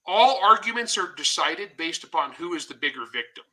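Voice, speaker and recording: A man, a guest author in a casual interview, telling stories in a blunt, animated way with some swearing. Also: on the high side, fairly quick, rough recording.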